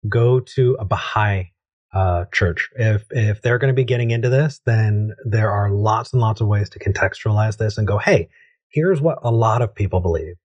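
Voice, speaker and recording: Low, husky-voiced call-in show host. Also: male voice, normal speed, darkish tone, lo-fi sound. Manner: easygoing, thinks aloud with many restarts. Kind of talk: casual advice on a call-in show.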